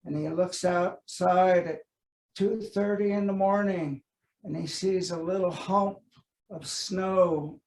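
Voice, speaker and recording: Man, traditional storyteller, very slow pace, gravelly, gentle and unhurried, webcam on a video call. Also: sits high. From United States. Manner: gentle, unhurried, with frequent "uh" pauses.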